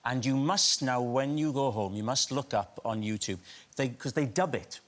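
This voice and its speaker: A man telling a comic anecdote as a chat show guest, with a deadpan buildup. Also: medium pitch, normal speed.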